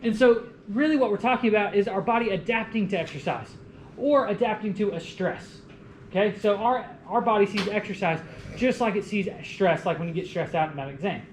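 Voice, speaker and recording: Young guy lecturing a class, jokey and animated, echoey room. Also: high-pitched, fairly quick, a little hiss or hum. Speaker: college lecturer.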